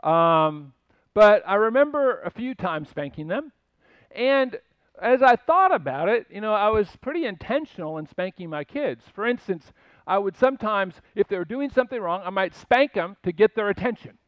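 Older male pastor, high voice, chatty sermon with asides; dry, slightly dull recording. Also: expressive, normal speed, clear, resonant tone, no room sound. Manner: conversational storytelling with asides and rhetorical questions.

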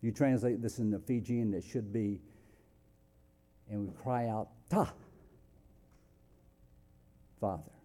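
Male preacher, unhurried sermon delivery, very dark mellow tone, big swings from loud emphasis to near-whispers. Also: on the low side, steady tone.

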